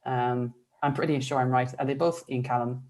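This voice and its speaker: A woman's voice: very deep voice, fairly even intonation, normal speed, a little mellow. Enthusiastic woman on a video call. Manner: enthusiastic, rambling with restarts. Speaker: panel regular. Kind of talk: casual video-call chat.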